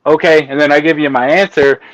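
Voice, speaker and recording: A man telling stories as a guest in a casual interview, animated and laughing as he talks. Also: on the high side, a little fast, no echo. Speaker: guest, autopsy technician. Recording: dull lo-fi sound.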